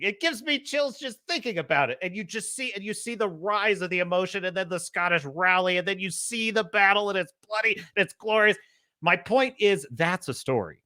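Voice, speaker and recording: Animated man reviewing a film, bright voice. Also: moderate pace, no echo, clean studio sound. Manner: animated, rises high when quoting. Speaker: podcast host. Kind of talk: casual movie review.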